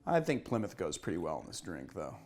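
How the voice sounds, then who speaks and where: A man's voice: low voice, wildly swooping pitch, a little fast, darkish tone, slight background noise. A man hosting a casual cocktail-making lesson, chatting easily and a little out of breath as he mixes and shakes drinks. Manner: chatty, self-deprecating, talks while mixing and shaking. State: slightly out of breath. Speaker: bartender and cocktail show host.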